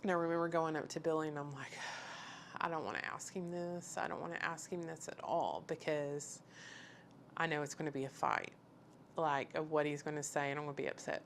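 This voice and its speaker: A woman's voice: sits low, level tone, a little fast, a little hiss or hum. A woman in her thirties telling a personal faith story, candid and full of fillers, acting out the conversations she recounts. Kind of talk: personal testimony.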